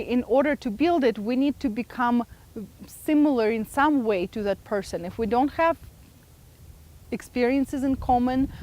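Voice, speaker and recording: Upbeat woman teaching a live workshop. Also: fairly high pitch. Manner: engaging, asks the audience questions. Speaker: workshop presenter. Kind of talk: live seminar talk to an audience.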